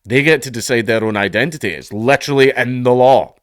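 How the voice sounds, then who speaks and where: A man's voice: mid-range voice, quick pace, no room sound, clean studio sound. A Scottish man reading out news stories and adding sarcastic, profane remarks with laughing asides. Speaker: commentator.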